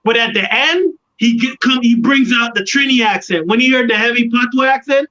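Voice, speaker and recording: A man telling a long studio story in a casual interview, animated and acting out what others said. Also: extremely high pitch, fairly quick. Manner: animated storyteller, acts out quoted voices. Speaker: guest artist. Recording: dull lo-fi sound.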